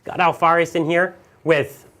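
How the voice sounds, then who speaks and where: A man's voice: fairly high pitch, moderate pace, slight background noise. A man explaining game rules and the tabletop to viewers in a casual live stream. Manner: animated, walks viewers through rules. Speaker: player and commentator.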